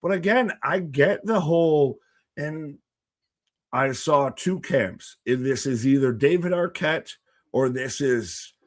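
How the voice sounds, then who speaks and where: A man co-hosting a casual wrestling talk show, sarcastic and quick to swear. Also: fairly high pitch, lively intonation, dry recording, clean studio sound. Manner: sarcastic, profane. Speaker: co-host. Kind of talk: casual podcast chat.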